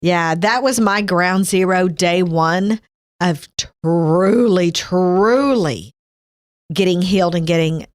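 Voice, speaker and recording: Candid, expressive woman podcast co-host. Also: fairly low pitch, slow, no echo, studio quality. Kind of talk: casual faith podcast chat.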